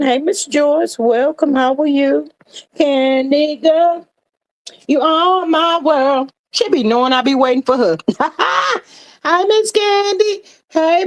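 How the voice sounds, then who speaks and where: A woman hosting a casual livestream, greeting viewers and reading their comments aloud in a lively, chatty way. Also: high-pitched, no echo, low-quality recording. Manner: lively and chatty, with Southern American slang. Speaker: livestream host.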